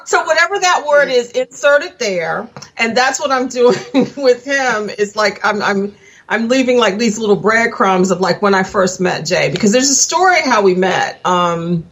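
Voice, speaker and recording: A woman's voice: a little high, lively intonation, normal speed, fairly bright tone. A woman talking at length as a podcast guest, rambling and laughing at herself in casual chat. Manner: chatty, rambling, self-laughing.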